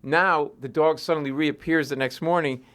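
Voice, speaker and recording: A man, a comedian, telling animated stories in an interview and acting out voices in his anecdotes. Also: on the high side, moderate pace. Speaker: comedian guest. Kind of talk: storytelling interview chat.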